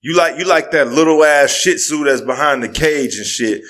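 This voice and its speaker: Male podcast co-host, fairly high voice, heated, profane, prone to outbursts. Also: moderate pace, fairly bright tone, slight background noise. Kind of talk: casual podcast talk.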